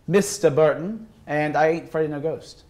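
A man's voice: fairly high pitch, moderate pace, darkish tone. A young man hosts a casual student game show. His delivery is playful and loose, with frequent laughter between the questions. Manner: playful, jokey, laughs often.

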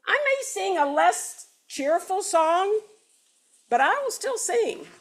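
A woman voicing a merry, stubborn little male rooster in a read-aloud children's story, in a high, defiant sing-song. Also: big pitch swings, slow pace, heavily acted.

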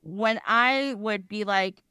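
A woman talking as a podcast guest in casual chat, rambling and animated, often laughing and acting out quoted voices. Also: mid-range voice, slow, clean tone, no room sound, studio quality.

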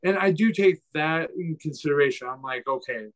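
Male fighter, podcast guest: slightly high voice, measured and searching for words. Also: poor audio. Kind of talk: casual podcast conversation.

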